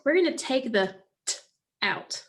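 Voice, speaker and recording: A woman teaching a phonics lesson, prompting children patiently and pausing for their answers. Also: high-pitched, animated, fairly bright tone.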